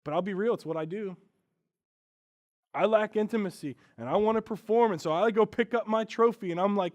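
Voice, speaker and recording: A pastor preaching a sermon, earnest and candid, moving from quiet reflection to loud, animated stretches. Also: male voice, high voice, brisk.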